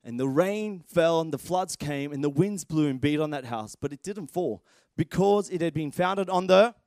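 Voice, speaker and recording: Male pastor, 30s, high tenor, dry close sound, lively storytelling sermon. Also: moderate pace, no echo. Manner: animated storytelling, shouts at dramatic moments.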